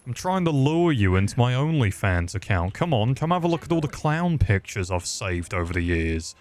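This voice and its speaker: A gaming commentator delivers crude, rambling comedic let's-play commentary, full of joking banter. His medium-pitched voice has a sing-song quality at a moderate pace.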